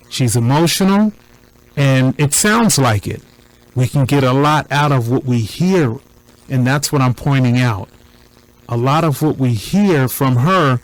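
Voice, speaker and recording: Deliberate man commenting like a preacher. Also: medium pitch, low-quality recording. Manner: deliberate, preacher-like, repetitive emphasis. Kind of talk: commentary on a recording.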